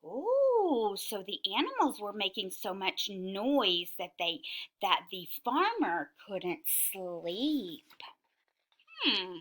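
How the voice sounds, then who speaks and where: A woman teacher reading a picture book aloud to young children, talking in an animated, questioning, sing-song way. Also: medium pitch, slow pace.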